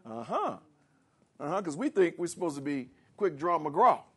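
A man preaching a sermon. He reads scripture slowly, explains it in plain words, and rises to emphatic shouts. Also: fairly high pitch, big pitch swings, breathy edge.

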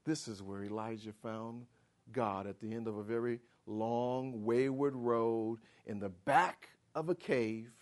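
A man preaching a sermon, swinging from loud proclamations to hushed quick asides, asking the congregation questions and acting out inner voices. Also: fairly even intonation. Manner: swings from booming declarations to hushed, fast asides.

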